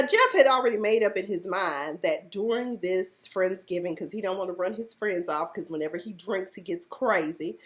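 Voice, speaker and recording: Animated, outspoken woman recapping reality TV. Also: medium pitch. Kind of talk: casual profane episode commentary.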